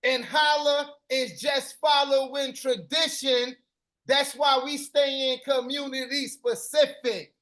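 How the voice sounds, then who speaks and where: High voiced host doing spoken word poetry, slow and rhythmic, chanting the same refrains over and over. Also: fairly even intonation, bright, forceful tone. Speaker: host of a live stream.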